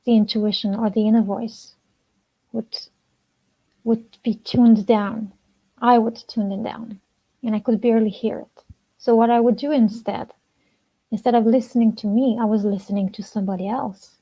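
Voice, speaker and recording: A woman relationship coach talks to camera in a slow, deliberate way, leaving long pauses between phrases. Her voice sits a little high and comes across soft. The recording is dull and lo-fi. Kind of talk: slow personal talk to camera. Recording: dull lo-fi sound.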